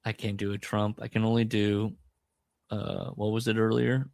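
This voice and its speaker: A man's voice: moderate pace, creaky, dry recording, studio quality. A man co-hosting a podcast in casual comedic chat, joking around and trying impressions. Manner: jokey, tries impressions, lively pitch swings. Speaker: podcast co-host.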